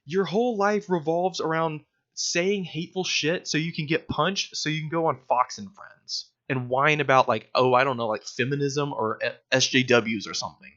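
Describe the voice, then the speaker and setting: A man's voice: on the high side, moderate pace, few pauses, fairly bright tone. A young man giving casual, sarcastic video commentary, mocking his target with lots of fillers. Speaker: political commentator. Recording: dull lo-fi recording.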